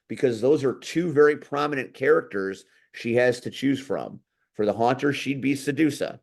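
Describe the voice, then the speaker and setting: A male podcast host talking casually. He is blunt and outspoken, and he drops in swear words when he gets worked up. His voice sits at an ordinary middle pitch. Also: a little mellow. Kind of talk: casual chat.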